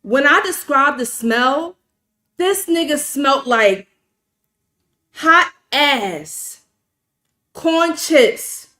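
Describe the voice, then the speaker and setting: A woman's voice: high-pitched, fairly bright tone. A woman from New York City with a New York accent, hosting a livestream and telling a story in a casual, profane, emphatic way while reading and answering her chat. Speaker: livestream host.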